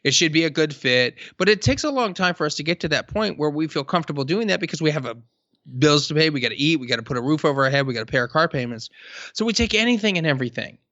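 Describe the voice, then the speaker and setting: A man with a bright, forceful, slightly high voice chats on a podcast, stretching words for emphasis as he tells stories. The sound is dry and a little dull, with a lo-fi edge. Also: dry recording. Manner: emphatic, storytelling, drawn-out stresses. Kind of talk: casual podcast conversation.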